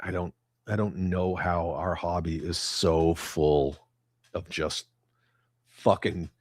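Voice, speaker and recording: A man's voice: low-pitched, slow pace, pauses often, breathy edge, no echo, clean studio sound. A middle-aged man hosting a casual livestream, reading viewer comments and ranting bluntly with lots of profanity. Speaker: livestream host.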